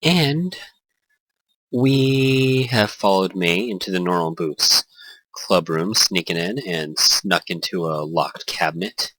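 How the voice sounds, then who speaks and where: A man's voice: sits low, takes it slowly, fairly bright tone, dry recording, rough recording. A man hosting a let's play, reading a visual novel aloud with joking, self-correcting commentary. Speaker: host.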